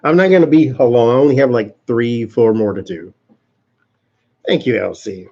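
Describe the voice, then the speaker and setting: A man's voice: medium pitch, normal speed, warm tone, lo-fi sound. A man hosting a casual live-stream tarot reading, chatting with viewers and laughing often. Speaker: tarot reader and channel host.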